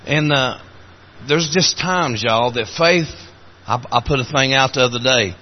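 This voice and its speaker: At a measured pace, an Appalachian-accented preacher shares folksy stories, his voice going high and cracking in moved moments. The audio quality is lo-fi.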